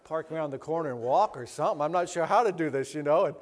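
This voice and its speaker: Rambling middle-aged pastor, lively storyteller. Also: male voice, fairly high pitch, fast, a crowd in the background. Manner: animated, acts out other people's voices; rambling, with many restarts. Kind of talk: personal anecdote storytelling. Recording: long hall reverb.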